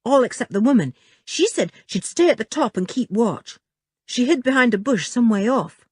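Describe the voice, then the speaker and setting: A woman's voice: fairly high pitch, animated, normal speed, a little mellow, breathy edge, no room sound, studio quality, voice pushed up. A woman reading an audiobook, voicing a plucky young boy with an injured ankle who tells his story earnestly.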